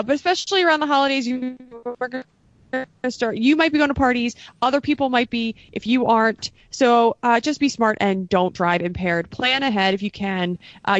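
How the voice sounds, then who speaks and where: A woman's voice: mid-range voice, dry recording. A woman co-hosting a podcast, giving an earnest, read-out safety reminder with frequent fillers and small slips. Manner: earnest, reads a prepared note with fillers. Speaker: podcast co-host. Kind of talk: casual podcast safety talk. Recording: dull lo-fi sound, dry.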